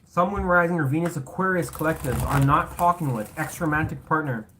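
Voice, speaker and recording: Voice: medium pitch, a little fast, a bit bright, a little hiss or hum. A tarot reader doing a casual reading to camera, blunt and sarcastic, rambling and correcting themself, with casual swearing. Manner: rambling, self-correcting talk.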